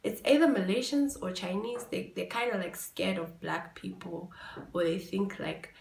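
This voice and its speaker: Animated young woman telling a story. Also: medium pitch, normal speed, creaky. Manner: animated, swings between quiet and loud exclaiming; swears freely. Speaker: podcast host. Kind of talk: casual storytelling. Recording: echoey room.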